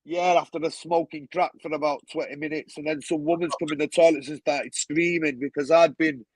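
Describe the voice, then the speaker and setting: A man's voice: fairly high pitch, fairly even intonation, brisk, no room sound, poor audio. A man telling stories as a guest on a talk show, blunt and swearing freely, with a lot of "you know what I mean". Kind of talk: casual storytelling.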